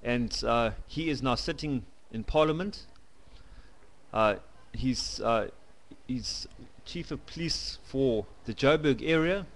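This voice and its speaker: A South African man giving a blunt, opinionated to-camera monologue into a home camcorder, halting as he goes. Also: medium pitch. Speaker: vlogger.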